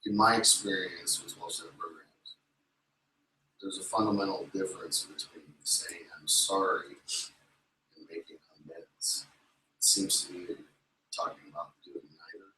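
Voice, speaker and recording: A very deep yet bright male voice, polite and formal with careful wording. He sounds far from the mic, with roomy echo and faint ambient noise. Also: steady tone, normal speed, pauses often. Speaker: student asking a question.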